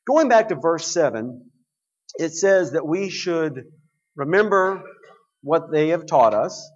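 A man's voice: fairly high pitch, muffled recording. A man preaching a sermon to his congregation, explaining scripture in a conversational way.

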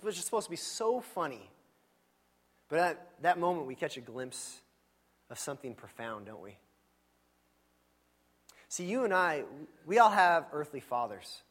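A man preaching a sermon in a church, in a conversational and animated storytelling manner with frequent asides. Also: high voice. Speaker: pastor.

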